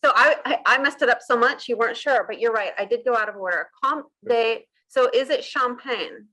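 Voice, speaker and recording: A woman's voice: fairly high pitch, fairly quick, pushed and bright. A woman hosting a casual interview chat, upbeat, repeating words back and laughing at her own slips. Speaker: host.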